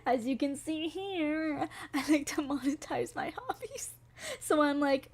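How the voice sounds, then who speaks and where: A woman's voice: high-pitched, expressive, measured pace. A young woman from Western North Carolina, chatting casually on a livestream, rambling with lots of fillers and giggles. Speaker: vtuber streamer. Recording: faint music behind.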